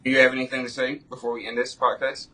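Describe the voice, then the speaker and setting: A man's voice: medium pitch, flat delivery, fast, sharp tone, poor audio. A man hosting a casual podcast interview as a relationship coach, speaking in a laid-back way and often asking "you know what I'm saying".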